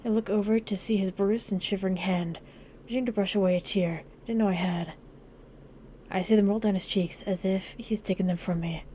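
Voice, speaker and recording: A woman's voice: mid-range voice, steady tone, a little fast, dark tone, slight background noise. A woman hosting a gaming video, dramatically reading a narrative game aloud in the first person with emotional intensity. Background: game music.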